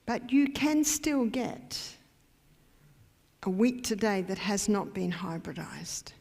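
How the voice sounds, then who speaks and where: Speaking slowly with lively intonation, this Australian woman has a medium-pitched, slightly mellow voice with vocal fry. She's giving an emphatic health lecture in a church hall full of long reverb, questioning her listeners as she goes.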